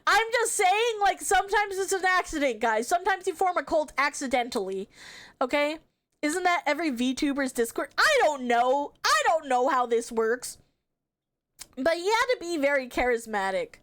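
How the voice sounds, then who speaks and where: A woman's voice: high voice, big pitch swings, moderate pace, fairly bright tone. A woman live streamer chatting casually with her chat, giggly and playfully swearing, with dramatic protests.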